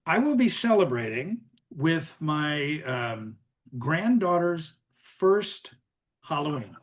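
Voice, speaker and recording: An older man speaks on a video call, his voice sitting a little higher than most men's. He chats loosely as an author guest, trailing through ums and restarting his sentences. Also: sing-song, slow. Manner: chatty, many ums and restarts. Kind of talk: casual webinar conversation.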